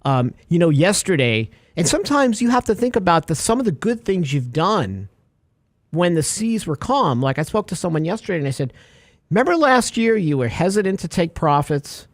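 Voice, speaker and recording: A man co-hosting a financial talk show, talking in a jokey, animated way and leaning on extended sea metaphors, tired from little sleep. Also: high voice, normal speed, no room sound, clean studio sound. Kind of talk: casual radio finance chat.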